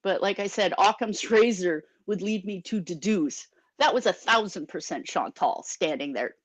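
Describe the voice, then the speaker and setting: A woman's voice: mid-range voice, moderate pace, dry recording, poor audio. A woman giving opinionated casual commentary on a video call with other panelists. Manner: opinionated, chatty.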